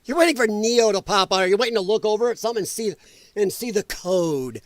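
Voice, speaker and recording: High-voiced man ranting on a livestream. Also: animated, quick pace, no echo. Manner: blunt, ranting, mocking, with laughs and mimicry. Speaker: livestream host. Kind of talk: casual political commentary livestream.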